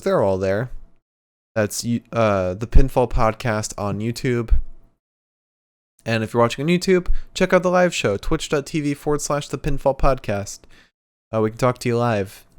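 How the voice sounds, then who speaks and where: A man's voice: medium pitch, normal speed, smooth. Laid-back young man co-hosting a podcast. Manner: laid-back, jokey sign-off patter. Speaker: podcast co-host. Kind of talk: casual chat.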